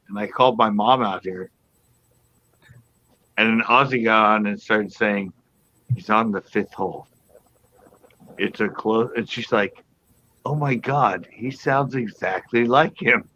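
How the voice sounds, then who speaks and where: A man's voice: fairly low pitch, bright, forceful tone, highs cut off. A man hosting a casual live panel chat, telling stories in a rambling way with many restarts. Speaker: host.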